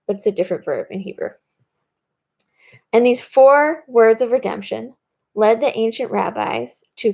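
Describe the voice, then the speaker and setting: A woman's voice: on the high side, vocal fry. A woman rabbi giving a recorded lesson, explaining steadily and reading verses aloud. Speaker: rabbi and teacher. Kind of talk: recorded teaching talk.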